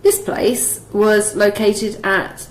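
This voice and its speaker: A woman's voice: mid-range voice, flat delivery, takes it slowly. A woman co-hosting a food review podcast in casual, playful chat, laughing easily. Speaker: podcast co-host. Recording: roomy room with faint ambience.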